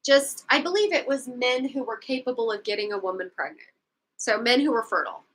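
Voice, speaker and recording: Woman, book club co-host; high bright voice, easygoing slow recap, casual asides. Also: poor audio. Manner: rambling plot recap with frequent asides and laughter. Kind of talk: casual book discussion livestream.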